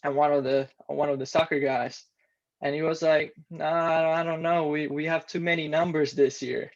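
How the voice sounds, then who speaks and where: A man's voice: fairly high pitch, little pitch movement, moderate pace, highs cut off. A man of about twenty with a Romanian accent, a native Romanian speaker, telling his story in a plain, matter-of-fact way as an interview guest. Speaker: interview guest, former student athlete. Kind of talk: casual interview.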